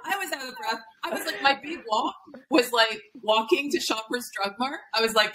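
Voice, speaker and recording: A woman's voice: fairly high pitch, normal speed, a bit bright, slight background noise. A woman hosting a podcast, listening with empathy and sharing her own stories with laughter. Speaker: podcast host. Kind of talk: casual podcast conversation.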